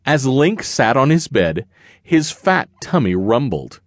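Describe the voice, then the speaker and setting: A man's voice: mid-range voice, big pitch swings, slow pace, no echo. A man narrating a rhyming children's picture book in a sing-song read-aloud manner. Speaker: audiobook narrator.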